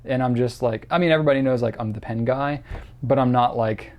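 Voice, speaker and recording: A man's voice: mid-range voice, steady tone, fast talker, a little mellow. A man in his thirties hosting a viewer Q&A, chatting casually in a rambling, self-deprecating way with lots of fillers. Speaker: host answering viewer questions. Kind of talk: casual chat to camera.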